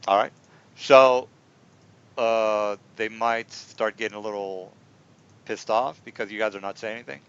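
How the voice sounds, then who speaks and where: Rambling game master, muffled recording. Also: male voice, lowish voice, steady tone, measured pace, long pauses, clean tone. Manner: rambling, repeats himself, many fillers. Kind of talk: narrating a tabletop game. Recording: dull lo-fi recording.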